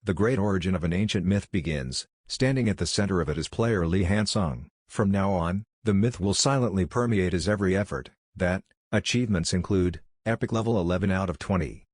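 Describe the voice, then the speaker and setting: A man narrating a comic story recap in a steady, even way. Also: low-pitched, fairly quick, few pauses, no room sound, clean studio sound.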